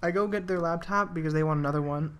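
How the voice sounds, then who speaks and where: A man's voice: a little high, quick pace, a bit bright, a little hiss or hum. A young man telling rambling work stories in casual commentary over a video game, with restarts and the odd swear. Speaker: gaming commentator.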